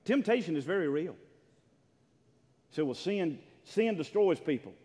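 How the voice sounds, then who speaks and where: A pastor preaching a sermon in a church, emphatic, swinging between loud declarations and hushed, near-whispered lines. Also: male voice, a little high, lively intonation, a little slow, breathy edge. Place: church sanctuary. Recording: long reverb of a large hall.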